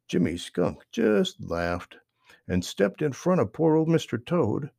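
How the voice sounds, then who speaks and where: A man narrating a children's story, gentle and expressive. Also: mid-range voice, slow pace, creaky, dry recording, clean studio sound.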